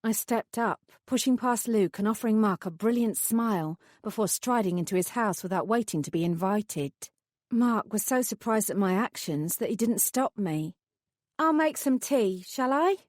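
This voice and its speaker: A woman's voice: mid-range voice, moderate pace, darkish tone, no room sound, studio quality. Woman narrating an audiobook. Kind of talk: scripted narration.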